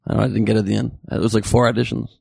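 A man hosting a casual comedy talk show, rambling and joking through quick tangents with his guest. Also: fairly low pitch, little pitch movement, vocal fry, a little mellow, slightly rough, no echo. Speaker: podcast host.

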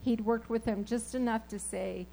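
High-voiced woman preaching emphatically. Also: normal speed, creaky, slight background noise, rough recording. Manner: animated, emphatic, repeats key phrases. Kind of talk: sermon with personal storytelling.

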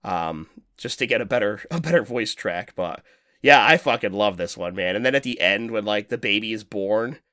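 A man's voice: fairly low pitch, expressive, normal speed, pushed and bright, no room sound, studio quality. A man co-hosting a podcast in casual chat, rambling and swearing as he talks, laughing often. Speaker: podcast co-host.

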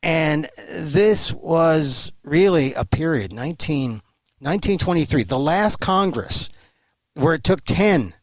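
A man speaking as a guest over a remote call, emphatic and animated, with halting restarts. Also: a little high, dry recording. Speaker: guest commentator. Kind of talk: remote interview.

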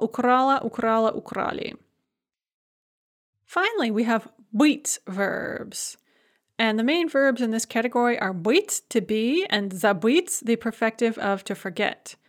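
A woman teaching a recorded grammar lesson, clear and methodical, drilling word forms one after another. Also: on the high side. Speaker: language teacher.

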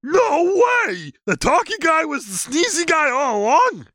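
A man voicing an excitable, gullible male Sasquatch who blurts out gasping exclamations in a comedy podcast bit. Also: extremely high pitch, measured pace, no echo, studio quality, pitched above the performer's own voice, full character voice. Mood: excited.

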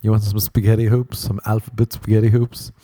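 A man's voice: lowish voice, level tone, a little fast, dark tone, no room sound, studio quality. A young Irish man hosting a podcast, rambling through a profane, self-mocking comic monologue. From Ireland. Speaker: podcast host. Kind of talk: casual comedic monologue.

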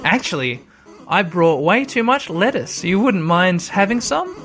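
Man playing a polite little bunny girl, sing-song, sweet, high-pitched. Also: sing-song, a little slow, fairly bright tone, soft background music, exaggerated voice. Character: friendly chatty female bunny, sweet and polite.

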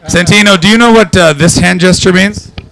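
Canadian male stand-up, crude and loud crowd work, club set. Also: sits high, fairly quick, creaky. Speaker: stand-up comedian. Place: comedy club.

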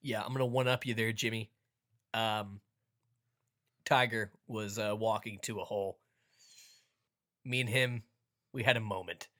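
A man's voice: fairly low pitch, fairly even intonation, a little slow, long pauses, fairly bright tone. A young man hosting a casual sports podcast, joking around and playing up a mock ad read. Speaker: podcast host.

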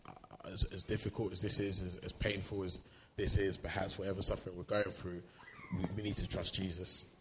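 A man's voice: deep voice, flat delivery, brisk, noisy background. A man preaching a sermon, earnest, often repeating words as he works through a thought.

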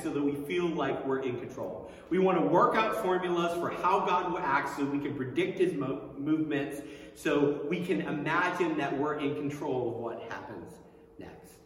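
A male pastor preaching a sermon who acts out the quoted voices with lively swings. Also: a little high, normal speed. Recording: very echoey hall, mic far off.

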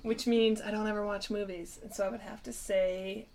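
A woman's voice: mid-range voice, fairly even intonation, moderate pace, a little mellow. Rambling, self-mocking woman. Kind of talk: casual chat.

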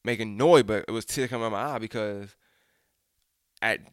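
A young man frankly tells a personal story, swearing freely and speaking straight to his listeners. His lowish voice is smooth and a bit fast, and the recording is dry with a clean studio sound.

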